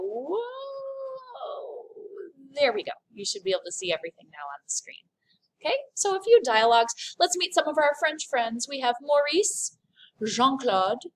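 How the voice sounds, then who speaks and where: Lively woman teaching a French lesson. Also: on the high side, a little hiss or hum, low-quality recording. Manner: clear, deliberate modeling of pronunciation. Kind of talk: recorded classroom lesson.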